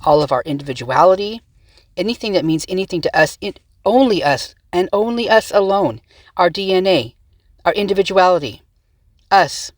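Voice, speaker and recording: On her own channel, a vlog host with a lowish, expressive voice delivers a heated commentary at normal speed, challenging viewers with rhetorical questions. The tablet mic sits close to the screen, and there's no echo.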